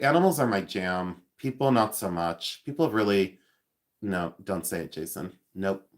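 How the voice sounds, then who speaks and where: A man in his fifties hosting a casual livestream from home, rambling, joking about himself and thanking viewers by name. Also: medium pitch. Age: 50s. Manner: rambling and self-mocking, reads out viewer comments. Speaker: livestream host.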